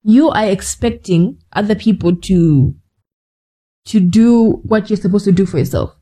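Mellow lady doing a motivational podcast talk, direct and chatty, tells you off a bit. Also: medium pitch, expressive, unhurried, poor audio. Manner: direct, scolding asides, conversational. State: cold, shivering. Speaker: podcast host. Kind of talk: motivational monologue.

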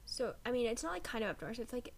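A teenage girl from the United States co-hosts a relaxed podcast, her talk wandering and full of hushed little asides. Her voice sits a bit high and carries a gravelly fry. A faint hiss runs behind her. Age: late teens. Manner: rambling, with quick whispered asides. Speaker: podcast co-host. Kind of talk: casual chat.

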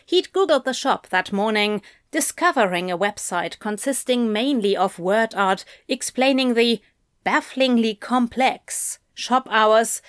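A woman narrating a story aloud in a measured, wry manner. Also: a little high, expressive, fairly bright tone, no room sound, studio quality. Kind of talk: audiobook narration.

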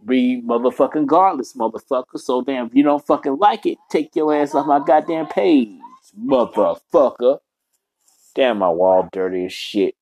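A man's voice: medium pitch, moderate pace, a little mellow, poor audio. A young man hosting his own podcast alone at home, rambling bluntly and swearing constantly in casual talk. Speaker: podcast host. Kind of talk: casual solo podcast rant. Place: apartment room.

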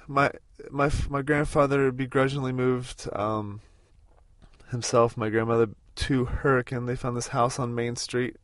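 A man in his thirties with a mid-range voice hosts a casual road-trip podcast, recorded with dry, close sound and no echo. He rambles, using many fillers and restarts.

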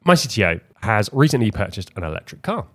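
A man from England co-hosting a casual podcast, with a fairly low voice. He talks in a wry, chatty manner, often restarting sentences and filling pauses. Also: very animated. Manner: chatty, wry, full of restarts and hedging fillers. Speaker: podcast co-host. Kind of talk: casual chat.

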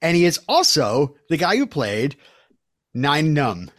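A man's voice: fairly high pitch, sing-song, slow pace. A man co-hosting a casual movie podcast, playful and often laughing at his own jokes. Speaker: podcast co-host.

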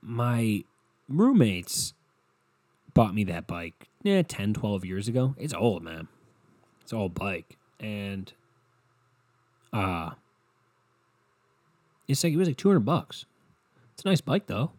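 A podcast co-host with a lowish, darkish voice speaks slowly with big pitch swings and frequent pauses. He tells a rambling, self-mocking story in casual talk, swearing constantly, and there's no room sound.

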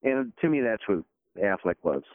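A man's voice: fairly low pitch, moderate pace, no room sound. A man, a guest, telling stories in casual chat, heard over a phone line. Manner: rambling, animated storyteller.

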